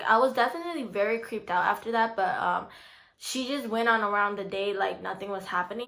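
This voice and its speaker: Chatty bright-voiced young woman vlogger. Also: mid-range voice. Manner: chatty, full of "like" and "you know"; animated, voices the quoted family with rising excitement. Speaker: YouTuber. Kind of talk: casual storytime vlog.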